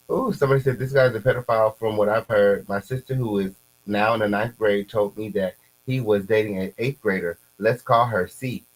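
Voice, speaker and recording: Animated commentary guy with a faint hum. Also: moderate pace, low-quality recording. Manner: animated, repeats catchphrases, pitch jumps up when excited. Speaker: commentary host. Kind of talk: casual commentary reacting to posts.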